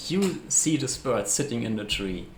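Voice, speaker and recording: A man's voice: medium pitch, sing-song, a little slow. A man narrating a tabletop game as game master, hesitant and often searching for words. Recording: echoey room, faint hiss.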